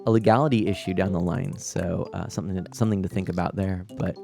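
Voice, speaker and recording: A man's voice: low-pitched, steady tone, fast, gravelly, warm tone, soft background music. A man in his thirties hosting a family-friendly live stream, chatting loosely with viewers and laughing often. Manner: rambling and chatty, giggly, many fillers and restarts. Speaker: livestream host. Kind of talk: casual live-stream chat, reading viewer comments.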